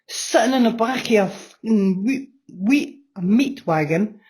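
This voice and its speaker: A woman's voice: mid-range voice, animated, a little slow, a little mellow. A woman in her sixties giving a blunt personal testimony in an interview, swearing freely and repeating phrases for emphasis. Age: 60s. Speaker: interview guest.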